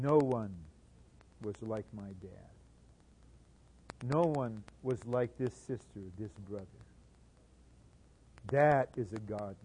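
A man preaching a sermon, swinging between soft asides and loud, emphatic bursts. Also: mid-range voice, slight background noise, rough recording.

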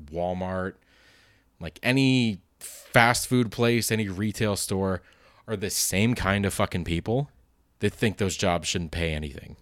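Host type, late 20s man, lowish voice, loose profane rambling delivery, dry close sound. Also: no echo. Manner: rambling, profane, self-deprecating. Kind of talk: casual solo monologue.

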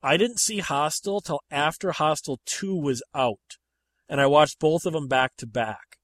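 Guy hosting a movie chat, kinda high voice, dry close sound, gets worked up making his point. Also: unhurried, no room sound. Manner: animated and emphatic, with sharp rises in pitch when making a point.

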